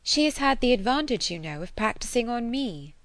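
A woman's voice: on the high side, brisk, dry recording, voice pushed up. A woman reading a teasing witty young lady. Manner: teasing, lively. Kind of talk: audiobook character reading.

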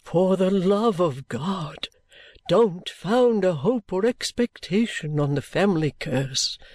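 A man reading the part of a kindly older male guardian in an audiobook, speaking in a cordial, measured, fatherly way. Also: sits high, expressive, darkish tone, dry recording, studio quality, heavily acted. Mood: fervent. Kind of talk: audiobook reading of a classic novel.

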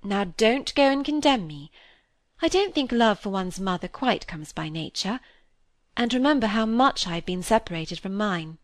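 A woman's voice: medium pitch, expressive, normal speed, no room sound, lightly acted. A woman reading a candid, self-mocking young woman. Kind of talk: reading a classic novel aloud.

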